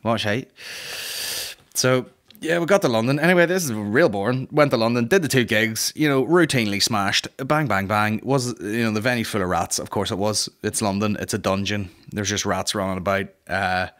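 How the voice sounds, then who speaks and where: Comic host, young, low-pitched, crude, rambling anecdote style. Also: male voice, a little fast. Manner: sweary, rambling, animated comic voices. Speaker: podcast host. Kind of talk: casual comedic storytelling.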